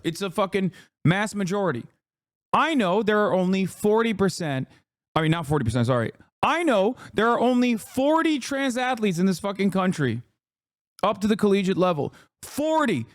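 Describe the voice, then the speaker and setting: A man's voice: sits high, dry recording, studio quality. A man streaming a heated political rant, profane, combative and mocking, in his thirties.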